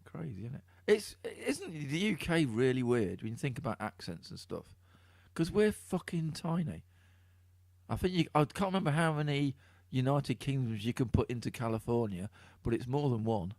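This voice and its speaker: Hosting a podcast, a man with an East Midlands accent from Middle England keeps the chat casual, laughing a lot and swearing freely. He's very animated at a medium pitch and moderate pace, his tone a little mellow, in a dry recording.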